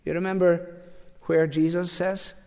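A man's voice: high voice, level tone, measured pace, dark tone, clean tone. A man preaching a sermon as pastor, emphatic and full of rhetorical questions. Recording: long hall reverb.

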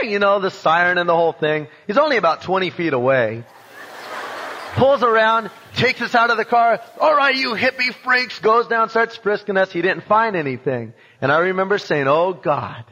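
A man telling a personal testimony, animated and acting out voices and sounds from his story. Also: a little high. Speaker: speaker giving a testimony. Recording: dull sound in a reverberant hall.

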